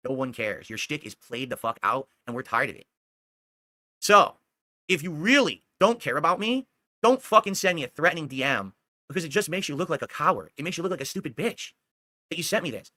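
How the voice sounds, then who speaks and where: An angry man rants at a rival in a fast, heated stream, cursing and pressing him with repeated questions. His voice is bright and cutting and sits a bit high. The sound is dry and close. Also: no echo. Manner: heated, scolding, profane, repeatedly asking "do you understand". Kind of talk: angry ranting monologue.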